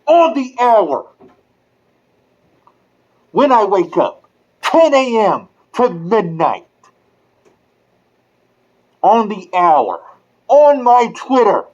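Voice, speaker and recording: Angry rant, swearing, heavy emphasis, swooping pitch, slow deliberate delivery. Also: dull audio. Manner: furious, profane, emphatic; drawn-out stressed words. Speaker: online commentator.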